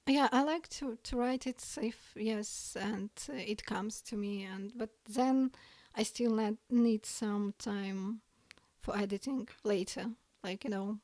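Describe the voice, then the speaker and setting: A woman from Ukraine, a poet and guest, chatting hesitantly with many fillers and laughs, sometimes dropping to a soft near-whisper. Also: mid-range voice, slow, dry recording. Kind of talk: casual podcast chat.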